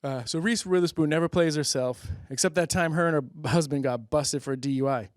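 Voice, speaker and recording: Hosting a public-access comedy show, a man runs through a loose comic monologue with many fillers, laughing at his bits and asking if they work. His voice leans high and a little fast with few pauses, recorded in studio quality without room sound.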